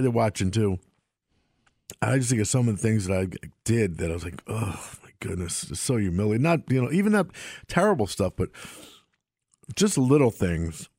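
A man's voice: lowish voice, a little mellow, no room sound, studio quality. A middle-aged man, a former police officer, telling rambling self-mocking stories with laughter on a talk show. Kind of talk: casual storytelling on a sports talk show.

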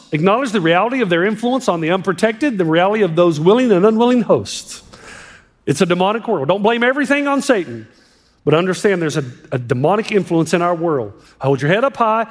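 A man preaching a sermon as a pastor, impassioned, swinging between hushed and emphatic delivery. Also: high-pitched. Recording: long reverb of a large hall.

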